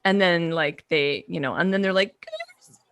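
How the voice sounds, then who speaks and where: Candid woman with a lowish voice. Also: moderate pace, clear, resonant tone. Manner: candid, expressive, acts out quotes. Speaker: podcast host. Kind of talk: casual chat.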